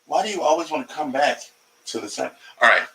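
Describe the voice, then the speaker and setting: A man's voice: fairly high pitch, lively intonation, fairly quick, creaky, sharp tone, rough recording. A man doing a casual, rambling comedy livestream from home, profane and jumping between topics, talking to his cat along the way. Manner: talks to his cat mid-stream.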